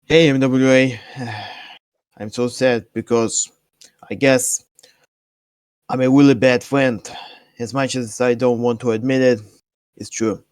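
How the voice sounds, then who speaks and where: A man's voice: medium pitch, fairly even intonation, slow pace, pauses often, a little mellow, smooth, no room sound, faint music behind, close to an everyday voice. A man playing a sighing, sad wrestler. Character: mopey male wrestler, self-pitying. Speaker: wrestler cutting a promo.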